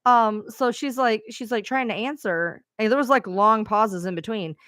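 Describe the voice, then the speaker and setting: A woman's voice: on the high side, moderate pace, a bit bright, dry recording. Chatty lady streamer rambling a story to her viewers, swears a lot, dry close audio. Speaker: live streamer.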